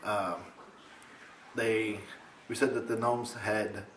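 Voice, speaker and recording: A young man casually telling a funny story to his camera at home, rambling and animated. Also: slow, echoey room, a little hiss or hum. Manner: rambling, animated, mimics others in high voice. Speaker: vlogger. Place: home, indoors.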